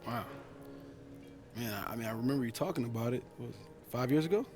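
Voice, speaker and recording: Dude playing a supportive teammate in a game cutscene, encouraging tone, music behind. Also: male voice, medium pitch, fast talker, close to an everyday voice. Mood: consoling. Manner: reassuring, encouraging. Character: supportive male basketball teammate. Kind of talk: video game cutscene dialogue.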